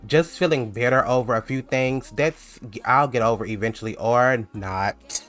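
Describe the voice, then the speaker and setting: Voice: mid-range voice, normal speed, fairly bright tone, lightly acted. Man voicing a sassy jealous young woman. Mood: confrontational. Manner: sassy, confrontational, slangy.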